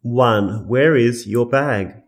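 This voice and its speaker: A man reading English listening-test items aloud in a careful, deliberate way. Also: mid-range voice. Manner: careful, deliberate, each item said twice. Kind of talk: slow scripted exam reading.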